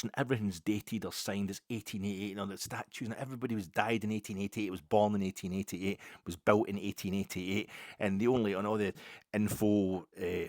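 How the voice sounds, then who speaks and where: Hosting his podcast, a Scottish man with a fairly low pitch shares a casual anecdote that wanders and mocks himself, cursing plenty. The recording is dry.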